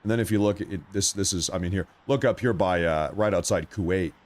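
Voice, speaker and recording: A man hosting a live news commentary stream, talking straight to his viewers with excitement while he is losing his voice. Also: deep voice, fast talker. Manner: excitable, addresses viewers directly. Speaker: livestream host.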